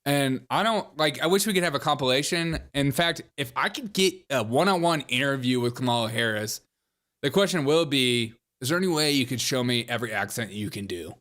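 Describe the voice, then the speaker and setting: Animated laughing male comedy host. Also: mid-range voice, a little fast. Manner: mocking, laughs often, slips into put-on accents. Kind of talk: comedic news commentary.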